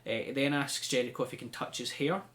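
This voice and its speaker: A man's voice: mid-range voice, quick pace. A man, hosting a podcast and chatting animatedly while recapping wrestling. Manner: animated storyteller, acts out quotes. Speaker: podcast host. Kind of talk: casual chat recapping wrestling.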